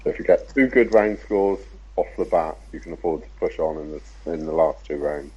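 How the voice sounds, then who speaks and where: A man, a podcast guest talking casually about racing in a measured, laid-back way with frequent fillers. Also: very deep voice, mellow, breathy edge, highs cut off. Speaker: podcast guest, RC car racer.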